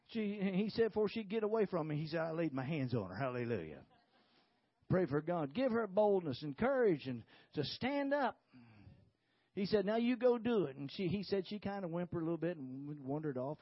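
A man with a high voice preaches a sermon, telling a story with many hallelujahs along the way. The sound is dry and close, with a dull, lo-fi edge. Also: dry recording. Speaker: pastor.

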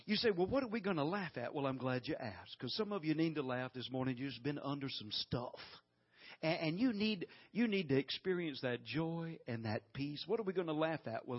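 Husky folksy preacher man. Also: fairly high pitch, moderate pace, lo-fi sound. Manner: folksy and animated, breaks into loud laughter. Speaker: guest preacher. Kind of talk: sermon.

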